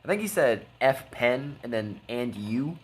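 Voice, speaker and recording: A man's voice: medium pitch, animated, unhurried, slight background noise. A man giving casual, blunt commentary over a gameplay replay, mocking and laughing at his opponent. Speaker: gaming video creator.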